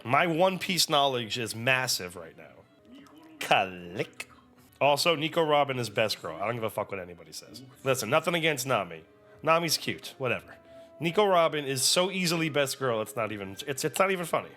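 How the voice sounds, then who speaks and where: A young man hosting an anime reaction video, chatting in an excitable, profane, animated way. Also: mid-range voice, fairly quick, faint music behind. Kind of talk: casual reaction commentary.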